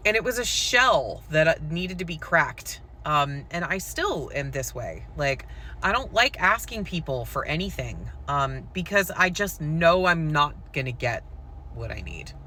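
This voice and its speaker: A woman speaks candidly to the camera about her own life, in a loose, conversational way with plenty of fillers. Her voice is bright and pointed, with a forceful edge. A faint hum of noise sits under her talk. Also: sits low, very animated, measured pace. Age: adult with school-age children. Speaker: poet and content creator. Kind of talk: candid personal storytelling to camera.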